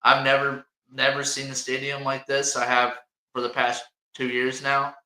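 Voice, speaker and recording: A man's voice: mid-range voice, monotone, moderate pace, bright, forceful tone. Joking Indiana guy in an echoey room. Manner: rambling, jokey, laughs often. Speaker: podcast host. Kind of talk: casual sports chat.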